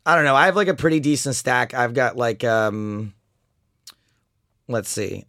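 A man's voice: medium pitch, a little slow, dry recording. Man retelling a poker hand, dry sound. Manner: animated storytelling, mocks an opponent's angry chat. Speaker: poker player telling a hand story. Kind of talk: casual chat.

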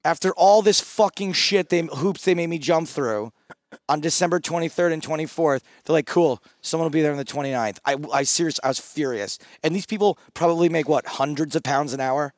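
A man's voice: fairly high pitch, brisk, dry recording, clean studio sound. A man in his thirties on a podcast, telling rambling, self-mocking stories in casual chat, often restarting his sentences. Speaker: podcast co-host.

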